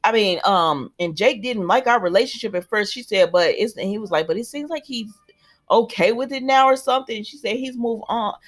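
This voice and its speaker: Chatty woman recapping a soap episode. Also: a little high. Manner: chatty retelling that slips into quoted dialogue, many fillers. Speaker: soap opera recap reviewer. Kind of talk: casual spoken episode recap.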